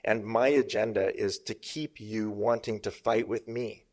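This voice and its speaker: A man's voice: on the low side, steady tone, unhurried, darkish tone. A middle-aged man from Canada, a business coach talking emphatically as a guest in a podcast studio interview. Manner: emphatic, uses sparring metaphors, asks "make sense?".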